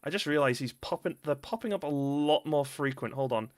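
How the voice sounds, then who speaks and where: Here a young Northern English man talks a little fast in a fairly high voice, giving loose, rambling commentary while live-streaming a game. Giggles and bursts of laughter keep interrupting him.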